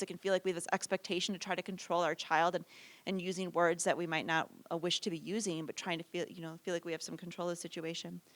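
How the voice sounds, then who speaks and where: A woman leads a parenting workshop in a loose, conversational way, often tagging her points with a questioning "right?". She acts out short parent and child lines as she goes, at a middle pitch for a woman. The sound is close and dry, with no room echo. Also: fairly bright tone. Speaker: workshop presenter.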